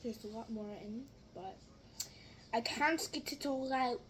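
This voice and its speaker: A woman's voice: a little high, lively intonation, moderate pace, background noise. A primary-school girl casually vlogging while making slime, chatty and easily amused, with exaggerated reactions. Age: child. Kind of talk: casual vlog chat.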